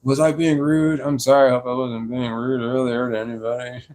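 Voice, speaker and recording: A young man rambling slowly on a live stream from his sofa, tired and a little slurred, laughing often. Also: medium pitch, level tone, darkish tone. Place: dark room on a sofa at home. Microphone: clip-on microphone.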